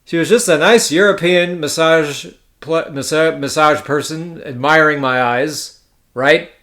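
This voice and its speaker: Sardonic, profane man with a high voice. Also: measured pace, fairly bright tone. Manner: profane, sardonic, rambling with self-corrections. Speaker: poker podcast host. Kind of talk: casual solo podcast storytelling.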